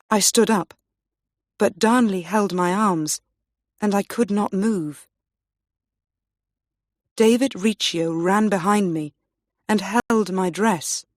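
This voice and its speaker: A woman teaching English, reading a graded story aloud slowly and clearly for learners. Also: on the low side, a little mellow, no echo, clean studio sound. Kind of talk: slow graded-reader story narration.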